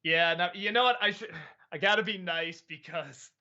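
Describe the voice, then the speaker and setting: A man's voice: high voice, bright, forceful tone, highs cut off. A man hosting a casual live-stream chat, stammering a little and laughing often. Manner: chatty, stammering, quick laughs. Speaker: host.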